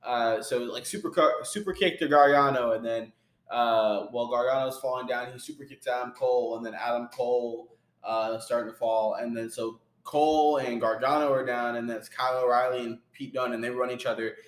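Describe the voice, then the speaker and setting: Young male podcast co-host, mid-pitched, rambling play-by-play wrestling recap, recorded in an echoey room. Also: steady tone, a little fast. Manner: rambling play-by-play, many fillers and laughs. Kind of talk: casual chat. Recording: roomy echo.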